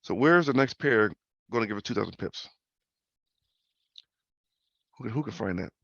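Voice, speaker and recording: A man's voice: fairly low pitch, expressive, moderate pace, vocal fry, a bit bright, no echo. A man hosting a casual trading talk over a video call, loose and slangy, repeating himself and tagging questions onto his points. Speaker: host. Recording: muffled video call audio.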